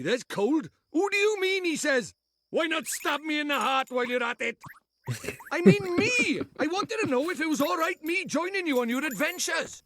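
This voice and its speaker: A man's voice: extremely high pitch, a bit bright, a little hiss or hum, pitched above the performer's own voice, exaggerated voice. A man voicing a cheeky, fussy male fairy sidekick with a sing-song, chattering manner. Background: game music.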